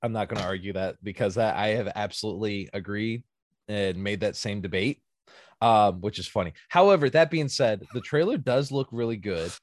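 A man's voice: on the low side, normal speed, dry recording, clean studio sound. A man hosting a podcast in casual chat, telling a story animatedly and acting out quotes. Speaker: podcast host.

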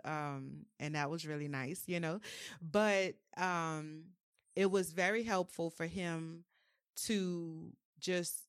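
A candid woman from New with a lowish voice. She talks as a podcast guest in a frank, reflective manner with colloquial phrasing. The sound is dry and close. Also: dry recording. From New Orleans, US. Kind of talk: candid conversational storytelling.

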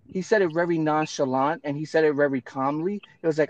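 A man with a slightly high voice talks fairly quickly in a low-quality recording. He co-hosts a podcast, and in casual conversation he tells personal stories bluntly and emphatically, with casual swearing.

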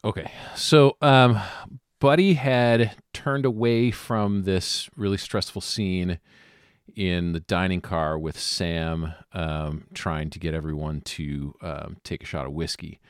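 A man playing in a tabletop horror game, thinking aloud about his character with many pauses and ums. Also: deep voice, steady tone, clear, resonant tone, dry recording, clean studio sound. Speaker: player.

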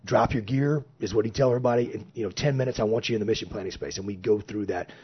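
A man with a low, deeply husky voice tells stories in a casual, animated way and acts out quoted remarks. The recording sounds dull and lo-fi. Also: racing. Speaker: podcast guest, former Navy platoon officer. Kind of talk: casual storytelling.

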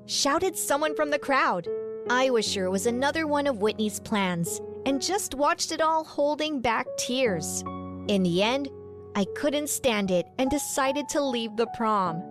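A woman's voice: high-pitched, animated, measured pace, music in the background. A woman telling a first-person story for a podcast in a dramatic, resentful manner.

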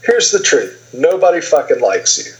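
Retelling a TV season for a casual recap podcast, this male co-host rambles along, full of fillers and quoted lines. He sounds very animated, with a slightly high voice at normal speed, and the audio has its highs cut off.

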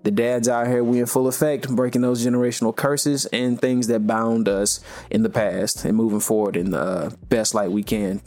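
A man's voice: mid-range voice, fairly even intonation, normal speed, few pauses, darkish tone. A young man hosting a podcast, chatting casually and rambling with plenty of "you know" fillers. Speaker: podcast host. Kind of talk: casual chat.

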